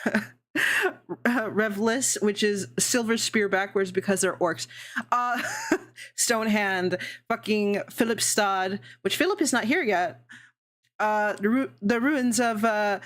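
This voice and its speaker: Rambling, laughing woman streamer. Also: medium pitch. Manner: rambling, swearing and laughing often. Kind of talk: casual live-stream chat.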